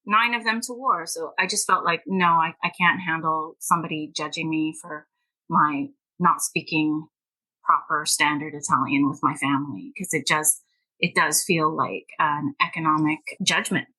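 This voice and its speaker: A woman's voice: low voice, fairly even intonation, moderate pace, bright, forceful tone, poor audio. A middle-aged woman from Canada, a guest author on a podcast, telling stories animatedly, laughing often and acting out the people she quotes. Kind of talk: podcast interview.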